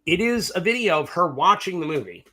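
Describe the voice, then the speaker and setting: A middle-aged man, a film director, telling profane, lively stories in an interview and acting out both sides of conversations. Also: sits high, brisk. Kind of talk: animated storytelling in a casual interview.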